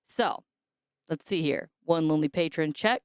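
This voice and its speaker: A woman hosting a podcast who is hoarse and raspy, chatting casually and rambling with fillers. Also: sits low, moderate pace, no echo, studio quality. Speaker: podcast host.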